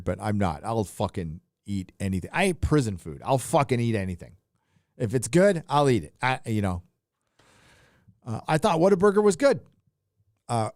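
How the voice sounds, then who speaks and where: Middle-aged cali dude rambling and cussing on a live stream, mic in hand, dry sound. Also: male voice, on the low side, darkish tone, no room sound. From California. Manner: loose, rambling and profane, with frequent filler. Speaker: live stream host reading super chats. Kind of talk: casual profane live-stream chat. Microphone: handheld mic.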